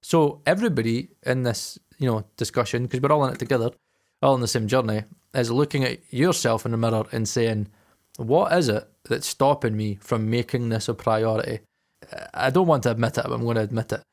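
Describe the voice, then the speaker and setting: A man's voice: medium pitch, a little fast. A man co-hosting a podcast in casual chat, swearing freely and acting out the people in his story. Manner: swears a lot and acts out quoted dialogue. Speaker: podcast co-host.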